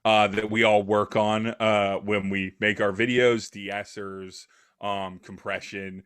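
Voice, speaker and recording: A low-pitched man talks through ideas as a podcast guest, rambling and thoughtful. He fills his pauses with frequent "uh"s, and his tone stays conversational throughout. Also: little pitch movement, fairly bright tone, clean tone. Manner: thoughtful, rambling, many fillers. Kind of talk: casual conversation.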